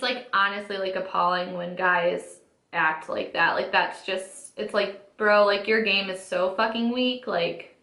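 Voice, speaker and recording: With a sharp tone and a mid-range voice, a beauty vlogger in her twenties chats through a storytime while doing her makeup at home. The room is echoey, and she keeps saying "like" and acting out quotes.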